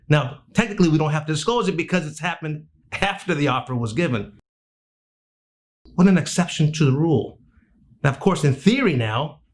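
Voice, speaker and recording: A man teaching real estate agents, telling stories and acting out the dialogue in a lively, casual way. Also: on the high side. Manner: animated, acts out dialogue, swears casually. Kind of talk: energetic teaching with storytelling.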